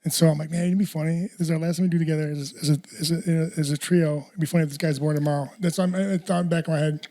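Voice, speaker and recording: A man's voice: on the high side, little pitch movement, very fast, hardly any pauses, warm tone. A man hosting a casual podcast chat, telling a rambling story with lots of restarts and casual swearing. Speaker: podcast host.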